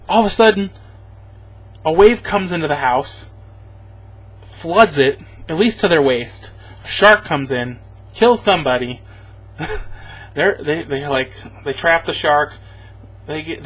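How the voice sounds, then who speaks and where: A man's voice: on the high side, expressive, measured pace, long pauses, fairly bright tone, slightly rough, low-quality recording. A man casually recapping a movie for a review, rambling and sarcastic, chuckling often.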